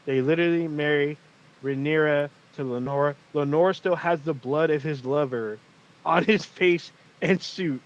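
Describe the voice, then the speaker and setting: Animated, profane man with a higher voice. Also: measured pace. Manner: animated, profane storytelling with acted quotes. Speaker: podcast co-host. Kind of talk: casual recap of a TV episode. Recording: muffled lo-fi audio.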